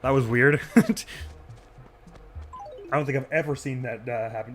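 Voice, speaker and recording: A man chatting away over his gameplay, chatty and self-deprecating, with frequent small laughs. His voice is bright and forward, with faint music in the background. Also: mid-range voice, steady tone, brisk, pauses often. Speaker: streamer. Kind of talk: casual gameplay commentary.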